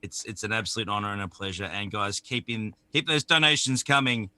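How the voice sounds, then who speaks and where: A man's voice: on the low side, animated, a little fast, bright, forceful tone, no room sound. A man signing off from a live stream, enthusiastic and repeating his encouragement. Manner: enthusiastic and repetitive. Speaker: departing guest. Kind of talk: casual stream sign-off.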